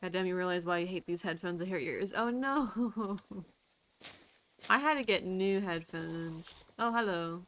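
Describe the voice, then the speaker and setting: A woman's voice: on the low side, moderate pace, fairly bright tone, a little hiss or hum. A woman streaming a game, chatting casually to herself, laughing often and swearing casually. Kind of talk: casual gameplay commentary.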